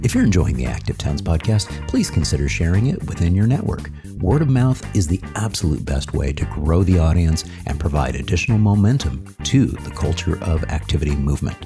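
A man's voice: low voice, sing-song, brisk, few pauses. A man hosting a podcast, reading a scripted intermission break. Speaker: podcast host. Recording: voice-over with music bed.

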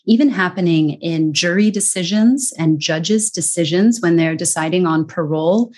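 A woman's voice: on the low side, moderate pace. A middle-aged American woman, a guest expert, explaining earnestly in a conversational interview. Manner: earnest, explanatory, lively emphasis.

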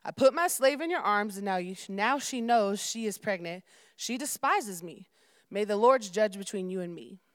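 Woman reading an aggrieved ancient wife: plain read-aloud, smooth tone. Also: mid-range voice, animated, normal speed, no echo, clean studio sound, close to an everyday voice.

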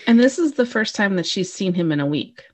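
A woman's voice: medium pitch, expressive, brisk. A woman co-hosting a podcast, reacting with exclamations to a TV recap. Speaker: podcast co-host. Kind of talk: casual chat.

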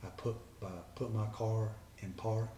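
A man's voice: on the low side, flat delivery, measured pace, mellow, recorded from a distance, slight background noise. Earnest man in an echoey room. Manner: earnest, retells a conversation line by line. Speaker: guest. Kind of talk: personal storytelling. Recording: echoey room with faint background ambience.

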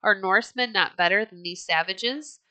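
Lady reading fierce defiant viking woman, bold, bright dry voice. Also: medium pitch, normal speed, no room sound, lightly acted.

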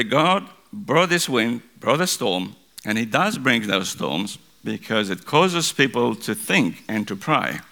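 Lively preaching man with a gravelly voice. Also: on the low side. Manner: animated storytelling preacher. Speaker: pastor. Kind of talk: sermon.

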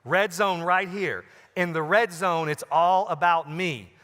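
Male pastor, sermon, bright forceful voice, energetic, loud and quiet swings, church hall reverb. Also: high voice, a little slow. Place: large church auditorium.

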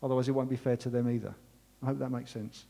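A man's voice: mid-range voice, flat delivery, fast talker, gravelly. A man preaching a sermon as pastor, earnestly thanking his congregation and leading a closing prayer. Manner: earnest, warm, emotional thanks.

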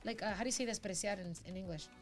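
A woman's voice: medium pitch, rapid-fire. A woman in casual faith talk, earnest and reflective as a co-host. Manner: earnest, reflective, quotes scripture. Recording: faint music behind.

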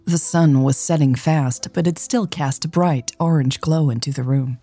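Woman podcaster reading romance story, low husky voice, faint music behind. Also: moderate pace, mellow, no echo. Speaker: podcast host and narrator. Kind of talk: audiobook story narration.

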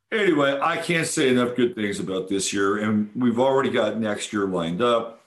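A man's voice: on the low side, expressive, moderate pace, hardly any pauses. A man hosting a podcast, chatting enthusiastically about a weekend event in a casual monologue full of fillers and restarts. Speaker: podcast host.

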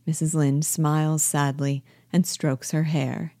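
Low-voiced woman reading a play aloud. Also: fairly even intonation, a little slow, mellow, no echo, studio quality. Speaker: audiobook reader.

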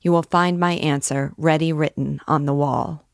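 A woman's voice: deep voice, steady tone, normal speed, no room sound, clean studio sound. A woman reading a cold, aloof scholar-priest. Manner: cold, curt.

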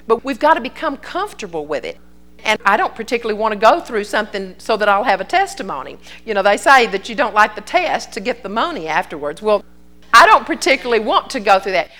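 A woman's voice: on the high side, pushed and bright. An older woman delivers a sermon in a folksy, conversational way. She tells her stories with earnest conviction. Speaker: preacher.

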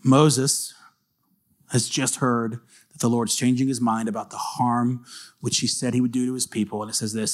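Animated man preaching a sermon. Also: mid-range voice, moderate pace. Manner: conversational, animated storytelling. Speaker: pastor.

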